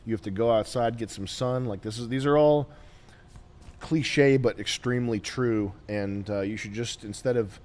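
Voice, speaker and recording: A man hosting a casual podcast, ranting with lots of swearing, then settling into quieter musing. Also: medium pitch, normal speed. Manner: profane, emphatic, trailing into quiet musing. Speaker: show host.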